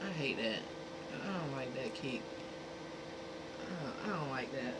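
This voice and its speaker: A woman's voice: rumbling low, animated, a little slow, heavy background noise. A woman hosting a livestream in casual, blunt talk, speaking straight to her chat. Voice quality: speaking from a dentist's perspective. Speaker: livestream host.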